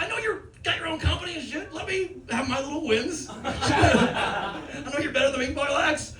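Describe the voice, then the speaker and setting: A man in his thirties from Newfoundland with a high voice, doing a stand-up set in a fast, rambling, profane way and cracking up at his own lines. He sounds roomy and a bit far from the mic, with loud audience laughter all around him. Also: animated. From Newfoundland, Canada. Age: 30s. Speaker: stand-up comedian. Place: comedy club stage. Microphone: stage microphone. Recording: roomy live club sound from a distance with loud crowd.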